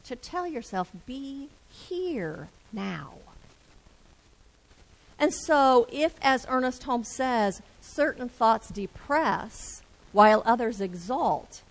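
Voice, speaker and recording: A woman minister delivers a reflective sermon in gentle, repeated phrases. Her voice sits fairly high. She speaks slowly and deliberately. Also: poor audio.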